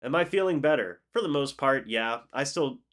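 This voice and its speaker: With lively intonation at a normal speed, his mid-range voice comes across a bit bright. Congested from a recent flu, the young sports streamer keeps things laid-back and chatty, reading out chat messages and reacting.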